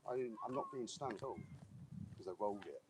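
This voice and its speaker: A man's voice: fairly low pitch, lively intonation, fast talker, background noise. Rambling man on a phone stream. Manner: rambling, chatty, talks to camera while walking. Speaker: vlogger live streaming. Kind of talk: casual walking live stream. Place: outdoors on a walk. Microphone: handheld phone.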